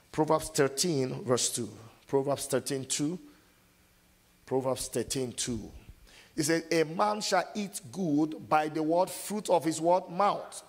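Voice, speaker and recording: A male preacher with a slightly high, husky voice works the congregation, leaving verses unfinished for them to answer. His sermon rings through a hall with a long reverb tail. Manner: call-and-response preaching, asks the congregation to finish verses; acts out scenes in loud sudden shouts. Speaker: pastor.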